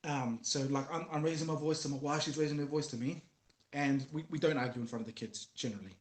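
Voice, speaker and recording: A man's voice: a little high, fast talker, roomy sound. A man talking earnestly about fatherhood as a guest, telling stories from family life. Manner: earnest, storytelling, acts out voices of his kids. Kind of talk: casual conversation about fatherhood.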